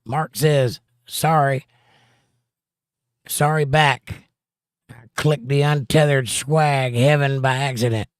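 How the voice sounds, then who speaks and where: A man in the middle of his range hosting a relaxed livestream. He reads viewers' chat messages aloud and greets them by name, tossing in playful rhymes and jokes. His voice is close and dry, with no room sound. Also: medium pitch, takes it slowly, long pauses, smooth, dry recording. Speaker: livestream host reading chat. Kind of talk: casual chat.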